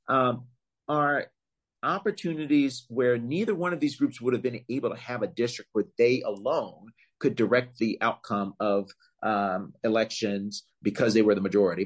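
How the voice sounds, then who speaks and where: A man giving long, measured answers as a legal expert in an interview, explaining points carefully with some fillers and emphatic rises. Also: medium pitch. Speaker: voting rights legal expert, guest.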